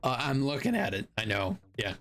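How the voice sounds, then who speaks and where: A man co-hosting a casual comic-book chat, laid-back and slangy, quick to laugh. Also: medium pitch, big pitch swings, a bit bright. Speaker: podcast co-host.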